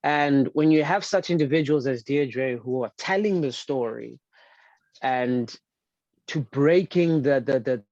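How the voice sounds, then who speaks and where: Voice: mid-range voice, unhurried, darkish tone, dry recording, muffled recording. An earnest panelist speaks in a panel discussion, often repeating words while searching for the next thought.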